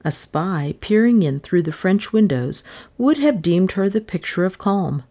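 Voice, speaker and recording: Casting: woman audiobook narrator, expressive and suspenseful, lively pitch. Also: measured pace. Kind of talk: scripted narration.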